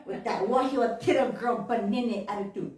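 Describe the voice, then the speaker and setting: A woman's voice: a little high, moderate pace, darkish tone, slight background noise. A woman minister telling a story in a sermon, with a lilt, laughing often and acting out her own reactions. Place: temple hall. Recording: echoey room, mic at a distance.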